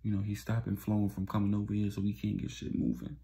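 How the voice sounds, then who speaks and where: A man voices a frustrated, sidelined street hustler in a spoken street story, in his own low, gravelly voice. The hustler lays out his complaints plainly. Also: monotone, fast talker, dark tone.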